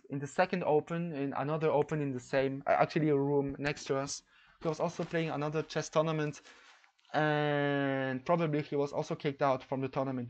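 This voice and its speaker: A man from France with a French accent, recapping a chess game in an excitable, stop-and-start way. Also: fairly high pitch, lo-fi sound. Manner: excitable storytelling, many restarts. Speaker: chess vlogger. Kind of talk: casual recap monologue.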